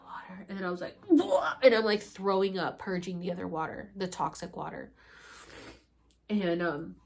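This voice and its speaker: Telling a story straight to camera, this young female vlogger has a fairly low-pitched voice. She's casual and animated, replaying her own past words with laughter, tears, and offhand swearing.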